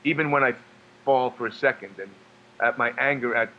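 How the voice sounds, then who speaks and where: Low-voiced man from New York, halting delivery. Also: muffled recording. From New York, USA. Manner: halting, restarts with many fillers and repeated words. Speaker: guest, actor and singer. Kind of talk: casual storytelling interview.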